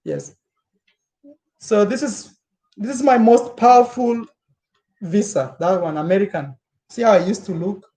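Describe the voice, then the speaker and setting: A young man from Kenya chatting casually and live with his viewers, animated and repetitive, laughing often. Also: high voice, unhurried, pauses often. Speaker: travel vlogger.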